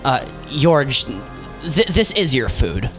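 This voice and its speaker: A man's voice: medium pitch, big pitch swings, slow, fairly bright tone, faint music behind, pitched below the performer's own voice. A man voicing a weary woman minion of the demons who explains things with a sigh. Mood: exasperated.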